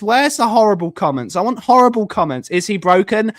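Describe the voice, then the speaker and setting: A man's voice: high-pitched, lively intonation, no room sound, clean studio sound. A man with an Essex accent, chatting casually on a live stream as he reads and answers viewer comments, stretching words out for emphasis. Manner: drawn-out emphatic words, muttering while reading comments.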